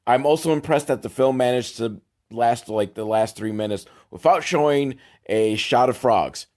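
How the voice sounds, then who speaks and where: A young man giving sarcastic, deadpan commentary on a film, exasperated and swearing, with sudden loud outbursts. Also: medium pitch, moderate pace. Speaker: host riffing on a film.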